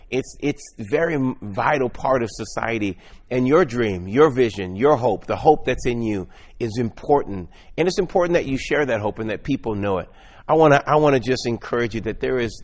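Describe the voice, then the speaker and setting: A man delivering an earnest, exhorting motivational sermon, often repeating and restarting his words as he speaks. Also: lowish voice.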